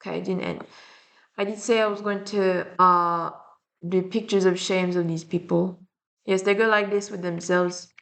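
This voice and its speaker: A woman's voice: fairly low pitch, steady tone, normal speed, gravelly, fairly bright tone. A young adult woman with a French and Slavic accent, ranting bluntly and rambling with frequent swearing in a casual vlog. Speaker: vlogger. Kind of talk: casual rant to camera.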